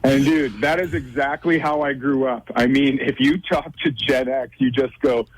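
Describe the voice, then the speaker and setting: A male comedian in his forties talks in a casual radio interview, from Minnesota. He spins wry stories and slips into quoted voices. His voice sits at an ordinary middle pitch. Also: fairly even intonation, normal speed, rough recording. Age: 40s. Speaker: comedian guest.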